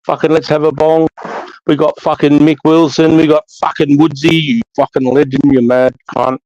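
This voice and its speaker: A man's voice: a little high, flat delivery, moderate pace, dry recording, dull audio. Sweary Australian man hosting a livestream. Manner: sweary, matey shout-outs to chat. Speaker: livestream host. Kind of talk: casual livestream chat.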